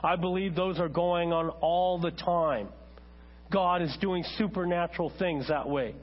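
A man preaching a sermon as a pastor, talking conversationally to his congregation and turning animated when he tells a story. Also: sits high, measured pace. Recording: dull lo-fi church recording with mains hum.

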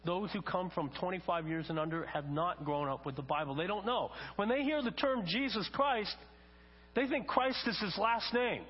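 An older pastor preaches a sermon, telling stories and acting out quotes with rising emphasis. His voice sits high, expressive and breathy-edged, at a normal speed. The recording is dull and lo-fi, with long reverb and a faint mains hum.

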